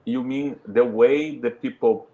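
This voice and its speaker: A man's voice: medium pitch, a little slow, narrow, tinny audio. A man, speaking English as a learner in a casual podcast chat, hesitant, with lots of fillers and tag questions. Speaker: podcast guest.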